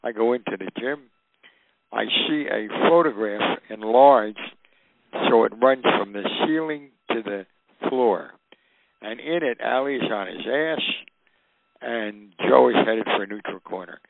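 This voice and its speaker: An older man telling stories in an animated way, acting out the voices of the people in them. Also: medium pitch, a little slow, gravelly, no echo. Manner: animated, acts out quoted voices. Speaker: guest storyteller. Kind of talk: recounting anecdotes. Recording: tinny phone-like radio line.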